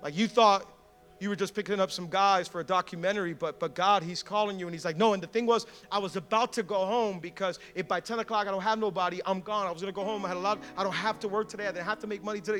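A male pastor telling a story in a sermon, animated, acting out quotes and laughing often. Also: sits high, fast, soft background music.

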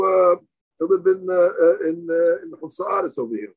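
A man's voice: high-pitched, normal speed, dull audio. A man teaching a live Talmud class. He reads Aramaic lines aloud, explains them in English, and rises sharply on key points. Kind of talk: daily Talmud class lecture.

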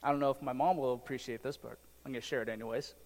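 A man's voice: medium pitch, fairly even intonation, racing. A middle-aged male pastor preaching a conversational sermon with joking asides to the congregation. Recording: long reverb of a large hall.

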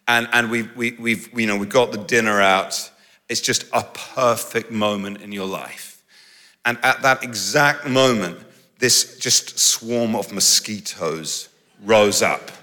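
Male preacher, self-mocking and animated, bright voice, echoing hall. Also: mid-range voice. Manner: animated, self-mocking, laughs through stories. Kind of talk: humorous sermon storytelling. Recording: large hall with long reverb.

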